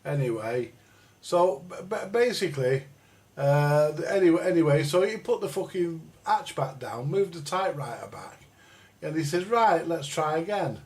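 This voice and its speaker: A middle-aged Englishman hosts a live stream, ranting and rambling bluntly with plenty of swearing in casual chat. His voice sits a little high with a darkish tone, lively intonation and a moderate pace, captured on a live stream microphone.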